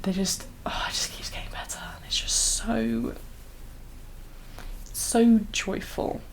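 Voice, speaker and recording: A soft-spoken young woman, chatting in an ASMR video, slipping into whispers and teary as she rambles with many fillers. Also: mid-range voice, fairly even intonation, slow pace, rough recording. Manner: rambling, full of fillers and laughs. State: teary, emotional. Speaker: ASMR creator.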